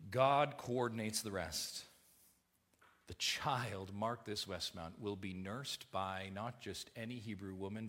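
A male pastor preaching a sermon in an emphatic way, swinging from hushed tones to loud bursts and repeating phrases for emphasis. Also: on the high side.

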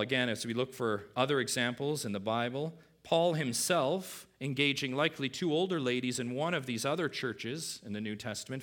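A middle-aged male pastor delivering a sermon at an ordinary pitch. He drops to a low, quiet voice and then climbs loud and high when making a point.

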